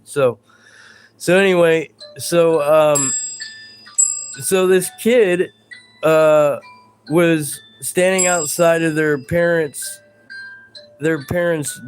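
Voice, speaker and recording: A man hosting a live stream in a casual, rambling chat, reading out viewer comments and stumbling over his words in a self-deprecating way. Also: fairly high pitch.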